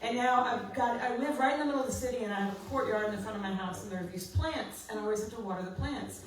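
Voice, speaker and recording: A woman's voice: medium pitch, very fast. A middle-aged woman songwriter telling a self-mocking story at a house concert, laughing often. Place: living room house concert. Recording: roomy, distant mic.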